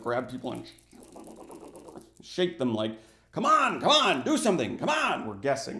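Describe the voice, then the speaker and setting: A man giving a casual film review for his channel, animated and acting out little scenes as he talks. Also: mid-range voice. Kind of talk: casual movie review vlog. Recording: echoey room.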